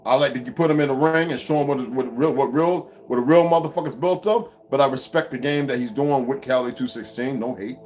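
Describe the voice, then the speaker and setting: A man's voice: a little fast, hardly any pauses, soft background music. A man delivering a heated, profane vlog rant full of mockery and swearing. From United States. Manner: heated, swearing, mocking, lively swings in pitch. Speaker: vlogger. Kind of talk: profane ranting monologue.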